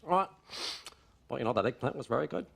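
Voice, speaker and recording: A man's voice: medium pitch, lively intonation, fast talker, gravelly, breathy edge, exaggerated voice. An actor playing a rambling, blustery male baseball team owner who bosses his staff around in a sitcom. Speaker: boss. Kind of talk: sitcom acting.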